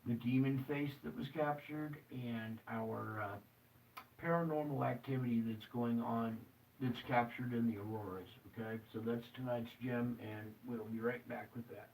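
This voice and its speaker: A weary man talks his viewers through a map in loose, casual commentary, yawning and wandering off course before catching himself. His voice has a gravelly, fry-edged texture at an ordinary middle pitch. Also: steady tone, normal speed, darkish tone, a little hiss or hum. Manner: rambling, jokey and self-interrupting. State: tired, yawning. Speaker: show host. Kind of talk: casual commentary over maps.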